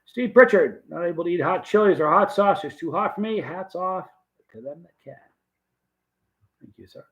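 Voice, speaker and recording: A man's voice: high-pitched, animated, normal speed, fairly bright tone, lo-fi sound. A man hosting a livestream, rambling in a folksy, casual way and reading out viewer comments. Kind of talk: casual chat.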